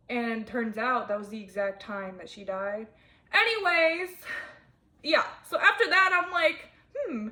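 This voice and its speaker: A woman's voice: on the high side, fairly bright tone. A young woman in her twenties rambling candidly to camera in a casual vlog, full of fillers. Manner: rambling, frequent "like", candid and chatty. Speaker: vlogger. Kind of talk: casual confessional chat to camera.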